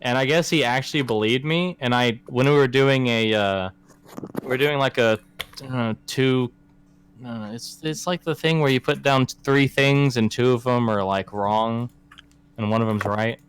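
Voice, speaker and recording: A man's voice: mid-range voice, normal speed, clean tone. A young man co-hosting a casual podcast with friends, rambling through a story and laughing often. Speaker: podcast co-host. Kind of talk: casual chat among friends.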